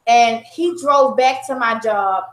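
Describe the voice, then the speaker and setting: A woman in her thirties recounts a personal story before a live audience in an echoey room. Her voice sits high, and her telling is animated and chatty, with laughter spilling in. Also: slow. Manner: animated, conversational, breaks into laughter. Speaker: guest sharing a personal story.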